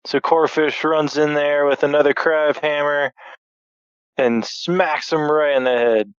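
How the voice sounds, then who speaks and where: A man's voice: on the high side, steady tone, a little slow, clear, resonant tone, no echo. A man co-hosting a podcast, retelling a cartoon battle with crude jokes. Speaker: podcast co-host. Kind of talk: casual episode recap. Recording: dull, dry lo-fi mic.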